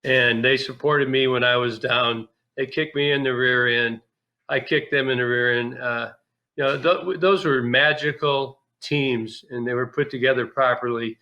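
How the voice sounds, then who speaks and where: Bright-voiced man telling candid stories. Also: mid-range voice, normal speed, lo-fi sound. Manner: animated, candid, folksy with restarts. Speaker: guest, former pro ballplayer. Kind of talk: casual interview storytelling.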